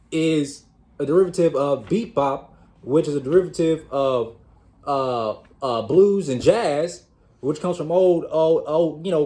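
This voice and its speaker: A man with a fairly high speaking voice gives a casual motivational talk on his own channel. He speaks straight to his listeners, calls them y'all, and often repeats a word while he gathers his thoughts. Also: dark tone. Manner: conversational, talks to the audience as y'all, repeats words as he gathers thoughts. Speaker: host of a self-improvement channel.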